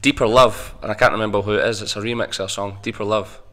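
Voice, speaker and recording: A man's voice: fairly low pitch, steady tone, fast, bright, forceful tone. A Scottish man talking as a guest in a casual interview, chatty and jokey, telling stories. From Scotland. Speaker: singer and showman guest.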